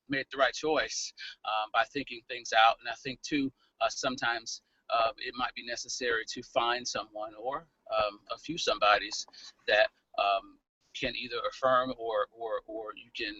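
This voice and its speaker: A man answering a panel question over a video call, reflective and halting, with many fillers. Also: medium pitch, pushed and bright. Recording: lo-fi web call audio.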